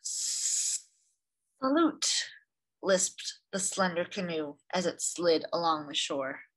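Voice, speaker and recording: A woman hosting storytime, reading a picture book aloud to children in an expressive, gentle way. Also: fairly low pitch, unhurried. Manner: gentle, expressive reading with lively voices for sounds.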